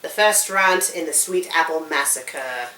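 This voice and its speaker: A young woman co-hosting a fanfic review show in casual, rambling chat, sometimes dropping to a conspiratorial hush. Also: sits low, expressive, a little slow. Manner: rambling, conspiratorial, snaps in exasperation. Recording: echoey room, distant mic, faint hiss.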